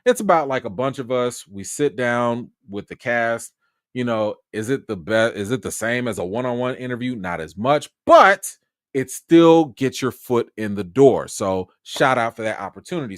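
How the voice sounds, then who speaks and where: A man from Chicago, a film critic, telling a story in an excitable, animated way on his livestream. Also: no echo, studio quality. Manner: animated and excitable, with sudden jumps in pitch.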